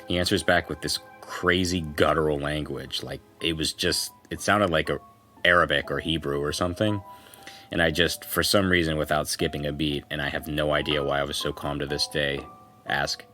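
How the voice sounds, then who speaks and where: A man co-hosting a podcast, reading a first-person ghost story aloud in a conversational storytelling manner with dramatic pauses. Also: extremely low pitch, pushed and bright, soft background music. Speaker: podcast co-host.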